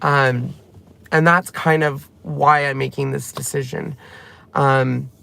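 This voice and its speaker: A man's voice: mid-range voice, steady tone, slow, creaky, sharp tone. Tearful man pouring his heart out. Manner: tearful, heartfelt, rambling retelling. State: emotional, close to crying. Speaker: channel host. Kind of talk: emotional personal vlog talk.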